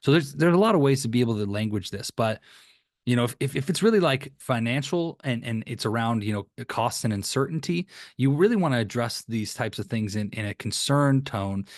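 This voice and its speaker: A man's voice: medium pitch, expressive, fairly quick, dry recording. Casual, dry-voiced male sales coach. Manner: casual, repeats words, acts out sample sales lines. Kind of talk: conversational teaching with screen share.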